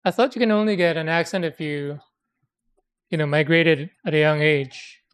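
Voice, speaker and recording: A woman's voice: deep voice, normal speed, smooth. A woman in casual chat who rambles, hesitates and corrects herself as she talks. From immigrant to America.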